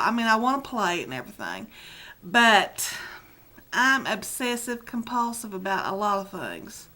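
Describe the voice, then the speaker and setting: A woman's voice: a little high, sharp tone. A middle-aged woman, chatting to her webcam in a rambling, self-deprecating way, teary and close to crying. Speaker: video blogger. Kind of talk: casual chat to camera.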